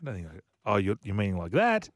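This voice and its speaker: A man's voice: lowish voice, huge pitch swings, fast, no room sound. A man with an Australian accent co-hosting a comedic radio show, spinning jokey stories with laughter. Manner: laughing, storytelling, slips into silly voices. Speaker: radio co-host.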